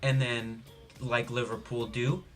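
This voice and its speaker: Deadpan rambling young guy vlogger. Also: medium pitch, slow pace, faint music behind. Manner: deadpan, rambling, self-mocking asides. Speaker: sports vlogger. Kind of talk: jokey sports preview monologue.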